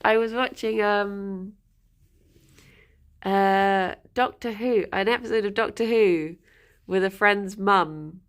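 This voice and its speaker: A woman's voice: medium pitch, takes it slowly, clean tone. A woman streaming live, chatting in a rambling way, greeting viewers and laughing often. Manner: talks softly to her rabbits, sometimes whispering. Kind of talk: casual live-stream chat.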